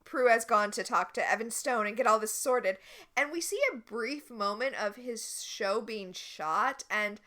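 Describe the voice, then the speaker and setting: A woman co-hosts a casual podcast, recapping a TV episode. She is chatty and wry, with a bright, slightly high voice. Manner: chatty, wry and quick to critique. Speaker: podcast co-host.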